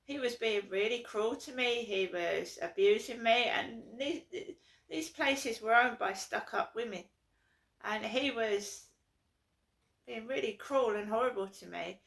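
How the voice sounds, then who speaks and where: Woman, from london, aggrieved vlog rant, repetitive, crisp bright tone, gravelly. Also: on the high side. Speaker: vlogger. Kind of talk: casual to-camera monologue.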